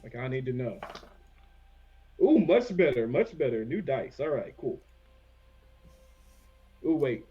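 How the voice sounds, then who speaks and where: A man's voice: mid-range voice, big pitch swings, takes it slowly, pauses often, breathy edge, dull audio, faint music behind. A man playing his character in a tabletop game, hesitant and playful, slipping in and out of character. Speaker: player. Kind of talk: tabletop role-play, in and out of character.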